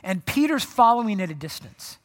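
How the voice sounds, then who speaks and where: A pastor giving a conversational sermon at a worship service, telling the story in an animated way with frequent restarts. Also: mid-range voice, a little fast. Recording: long hall reverb.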